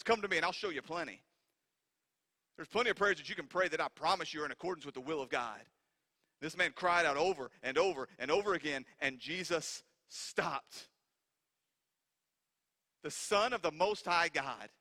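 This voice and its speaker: A male pastor delivers an impassioned sermon in a high, bright, forceful voice. He drives his points home with repeated rhetorical questions. A long hall reverb trails his words in the church sanctuary.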